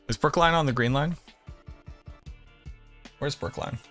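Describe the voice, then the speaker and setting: A man's voice: a little high, measured pace, pauses often, fairly bright tone, soft background music. A man from the Boston area with a Boston accent, chatting casually and brashly with viewers on a game livestream, swearing and joking. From Boston area, USA. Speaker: game streamer.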